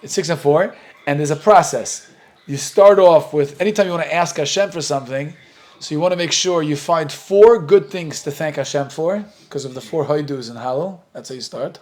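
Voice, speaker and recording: A middle-aged man with an American accent, a rabbi telling lively stories while teaching a Talmud class and acting out the dialogue. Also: fairly high pitch. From United States. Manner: animated storyteller, acts out dialogue, laughs often.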